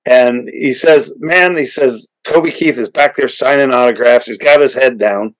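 Male podcast host, mid-pitched, chatty storyteller who keeps restarting his sentences. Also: normal speed, poor audio. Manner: rambling, many restarts and fillers, builds to excited punchlines. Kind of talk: casual storytelling interview.

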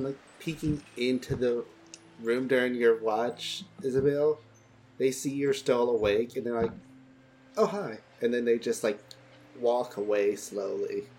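A man's voice: medium pitch, fairly even intonation, unhurried, darkish tone. A man narrating a tabletop game as game master, in a casual, easygoing way. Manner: casual, playing townsfolk in his own voice.

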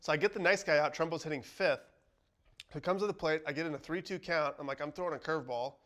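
A man hosting a podcast, telling a relaxed story in casual chat, laughing often and filling with "like". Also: on the high side, fast talker. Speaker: podcast host, baseball pitcher.

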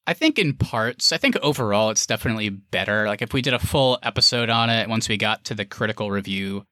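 A man's voice: lowish voice, animated, quick pace, bright, forceful tone, no echo, studio quality. A man co-hosting a podcast, reviewing a movie in casual chat, talking freely with plenty of fillers. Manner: chatty, wordy, lots of fillers. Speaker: podcast co-host.

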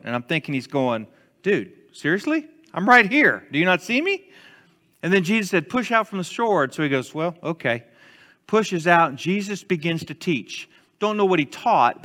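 A man's voice: a little high, in a large hall. A man preaching a sermon as pastor, telling stories conversationally and acting out the quotes. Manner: conversational, animated storytelling with acted-out quotes.

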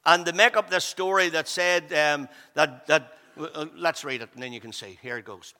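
A man's voice: on the high side, moderate pace, sharp tone. A man preaching a sermon in a conversational way, often checking in with the congregation. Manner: conversational, often asks 'all right?' to the congregation. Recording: long hall reverb.

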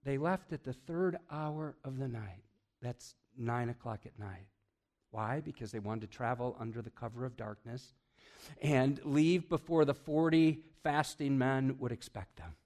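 A pastor preaching a sermon in a church, full of energy, swinging between loud emphasis and hushed asides while quizzing his congregation. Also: mid-range voice, measured pace. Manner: asks the congregation questions, chuckles often.

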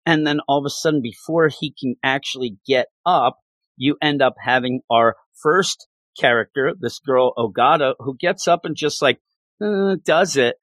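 Bright-voiced man chatting about a book. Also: mid-range voice, moderate pace, no echo. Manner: animated, acts out character lines. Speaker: podcast host discussing a book. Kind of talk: casual chat.

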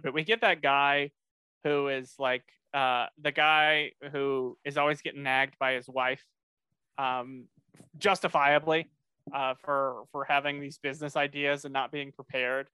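Casual guy chatting on a podcast, slightly high voice, tons of ums, dry mic. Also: bright, forceful tone, clean tone, no echo. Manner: rambling, many fillers and restarts. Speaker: podcast co-host. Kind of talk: casual chat recapping a cartoon episode.

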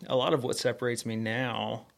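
A man's voice: mid-range voice, level tone, moderate pace, gravelly. A young adult man answering interview questions candidly and with self-deprecating humor. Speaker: guest.

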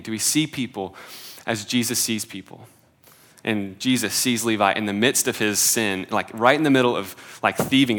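A man's voice: mid-range voice, a bit bright. A man in his twenties preaching a sermon in a casual, conversational way, with many filler "like"s and self-deprecating humor. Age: 20s.

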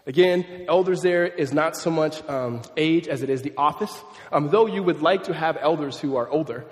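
A pastor around thirty preaching a sermon in a conversational, animated way, mixing in humorous family stories. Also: male voice, on the high side, moderate pace, in a large hall.

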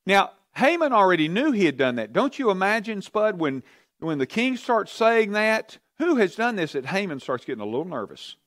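Male Bible teacher, animated storyteller, lively pitch, quizzes his group. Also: normal speed, no echo, studio quality. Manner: animated storytelling, asks the class questions.

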